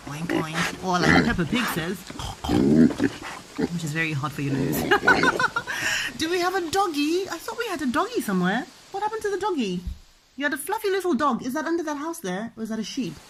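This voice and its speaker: Lively sing-song mum at playtime. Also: female voice, high voice, brisk, very noisy. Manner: animated, sing-song, playful. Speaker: mother teaching her child. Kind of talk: playful pretend-play teaching.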